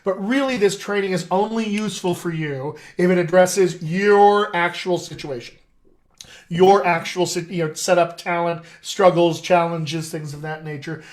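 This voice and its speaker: A man's voice: sits high, normal speed. A man, a dialect coach, hosting a live video stream in a playful, chatty way and talking straight to his viewers over a video call setup. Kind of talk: casual live-stream chat.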